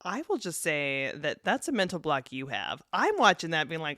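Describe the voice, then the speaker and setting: A woman's voice: deep voice, big pitch swings, moderate pace, few pauses, sharp tone, no room sound, clean studio sound. A woman co-hosting a podcast in casual chat, rambling and often laughing. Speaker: podcast co-host.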